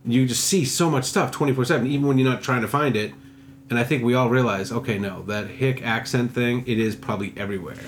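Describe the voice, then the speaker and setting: A man co-hosting a podcast in casual chat, relaxed and conversational, casually swearing. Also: medium pitch, fast, slight background noise. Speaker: podcast co-host.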